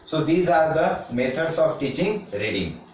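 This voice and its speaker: A man teaching a classroom lecture on reading methods, talking slowly and repeating himself, with many fillers and restarts. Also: on the high side, expressive, recorded from a distance, a little hiss or hum. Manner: slow and repetitive, with frequent fillers and restarts. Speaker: teacher educator. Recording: echoey room, speaker away from the mic.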